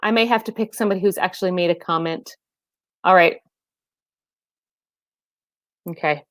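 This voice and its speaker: A woman's voice: on the low side, quick pace, fairly bright tone, no room sound, clean studio sound. A woman fitness trainer hosting a casual live stream, chatting and laughing with viewers and calling them by name.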